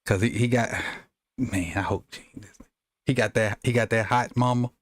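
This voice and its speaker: A male host runs a call-in show in a relaxed, joking manner. His voice is middle pitched, and the sound is dry and close with no room around it. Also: moderate pace, no room sound. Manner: laid-back, joking. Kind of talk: casual call-in show hosting.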